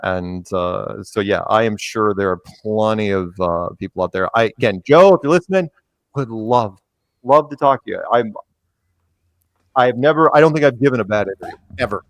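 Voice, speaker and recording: A man's voice: fairly low pitch, normal speed, no room sound. A man who is a podcast guest, telling rambling anecdotes in casual conversation and acting out quotes along the way.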